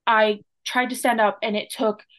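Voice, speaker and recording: A woman's voice: on the high side, little pitch movement, normal speed, fairly bright tone, no room sound. A woman in her twenties from Canada, a nurse, telling her personal story as a podcast guest in an earnest, emotional way. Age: 20s. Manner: earnest, emotional retelling with quoted dialogue.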